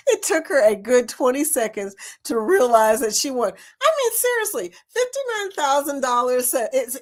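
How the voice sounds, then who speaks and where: Upbeat woman livestream host, lively pitch, laughs often. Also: a little slow. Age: older. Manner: bubbly, laughs often, talks to viewers by name. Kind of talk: casual live chat.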